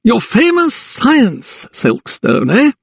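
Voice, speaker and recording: A man's voice: sits high, sing-song, normal speed, creaky, husky, dry recording, voice pushed up, exaggerated voice. A man voicing a smug, sly older magistrate in an audiobook, with a drawling, self-satisfied manner. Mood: smug, mocking. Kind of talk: audiobook character voice.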